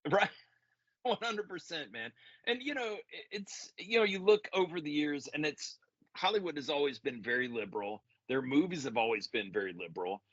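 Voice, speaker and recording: A man's voice: fairly high pitch, lively intonation, normal speed, fairly bright tone, dry recording. A man co-hosting a podcast in casual chat, laid-back and rambling, often calling his co-host "man.". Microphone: remote call mic. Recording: dull lo-fi audio.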